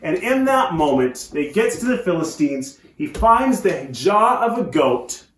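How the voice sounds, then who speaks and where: A male pastor preaching a sermon, retelling a story in an animated way with joking asides. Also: sits high, measured pace, roomy sound. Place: church.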